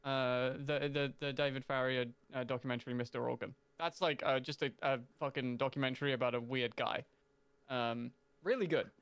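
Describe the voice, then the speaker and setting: A man's voice: mid-range voice, steady tone, normal speed, fairly bright tone, smooth, no room sound. A man co-hosting a stream, chatting in an easygoing, offhand way. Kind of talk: casual chat.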